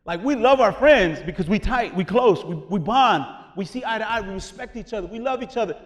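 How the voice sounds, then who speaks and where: A man preaching a sermon in an animated, conversational way, dropping casual slang as he explains. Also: sits high, brisk, in a large hall. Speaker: pastor.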